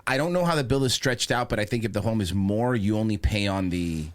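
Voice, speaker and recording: A man co-hosting a casual podcast from home, talking loosely and profanely and jumping into high mocking voices when he quotes people. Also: a little fast. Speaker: podcast co-host. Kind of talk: casual chat.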